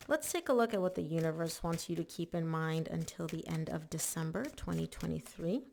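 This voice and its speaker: Gravelly-voiced chatty woman reading tarot. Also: sits low, expressive, brisk, darkish tone, a little hiss or hum. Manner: chatty and emphatic, lots of "like" and "oh my gosh". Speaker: tarot reader. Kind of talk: casual spoken tarot reading.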